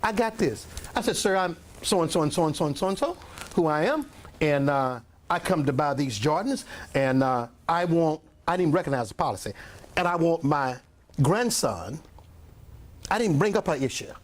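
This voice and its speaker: An older man, a pastor telling a rambling, animated story in a sermon to his congregation, often clearing his throat and coughing. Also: fairly high pitch, moderate pace. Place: church meeting room with a congregation.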